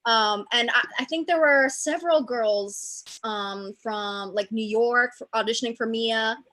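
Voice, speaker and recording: A woman's voice: a little high, a little slow, a bit bright. A woman chatting casually on a video call, full of "like" and "um". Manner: chatty, lots of "like" and "um". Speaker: cast member at a reunion.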